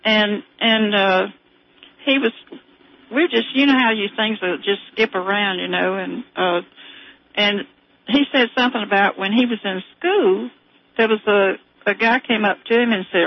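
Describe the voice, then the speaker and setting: A woman's voice: mid-range voice, unhurried, no room sound. An older woman with a thick Southern American accent calls in to a radio show and tells a wandering story, laughing between thoughts. Her voice comes through dull and muffled, like a phone-in on the air. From southern United States. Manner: rambling storyteller, laughs often. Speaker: caller. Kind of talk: casual phone-in chat.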